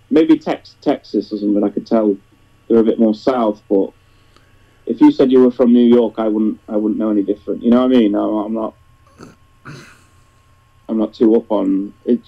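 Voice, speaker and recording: Chatty Northern English man, lo-fi audio. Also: mid-range voice. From northern England. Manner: chatty, rambling, friendly. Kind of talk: casual chat. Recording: dull lo-fi audio.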